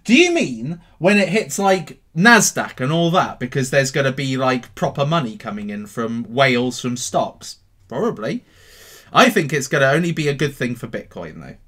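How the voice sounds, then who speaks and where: A man hosting a casual livestream about crypto, answering viewer questions in a cheeky, animated way. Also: mid-range voice, normal speed. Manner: animated and cheeky, swinging between loud bursts and mutters.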